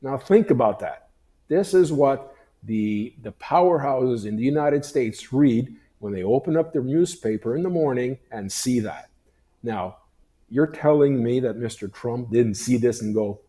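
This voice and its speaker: A man's voice: mid-range voice, lively intonation, a little slow, dark tone. A man giving heated, emphatic opinions on a talk show, often stumbling over fillers as he searches for words. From Canada. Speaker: guest commentator.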